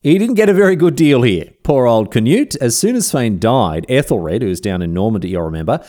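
A man's voice: medium pitch, sing-song, brisk, mellow. An Australian man hosting a history podcast, telling the story in a chatty, slangy way. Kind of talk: casual history narration.

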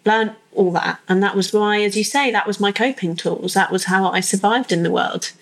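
A woman's voice: medium pitch, steady tone, normal speed, gravelly. A woman hosting a podcast interview, engaged and affirming, chiming in often. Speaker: podcast host.

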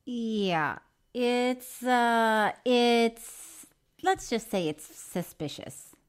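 A woman's voice: fairly high pitch, lively intonation, extremely slow, smooth. A woman co-hosting a casual podcast, playfully reading listener letters aloud. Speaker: podcast co-host.

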